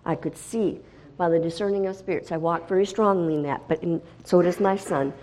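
A woman's voice: fairly low pitch, brisk. Middle-aged woman telling a dramatic testimony. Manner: dramatic storytelling, swinging from hushed to loud and excited. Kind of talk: spoken testimony.

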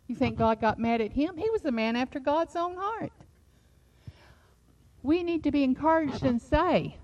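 A middle-aged woman preaching a sermon, moving from a quiet personal story into fervent, rising exhortation. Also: high voice, animated, normal speed. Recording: slightly dull lo-fi sound.

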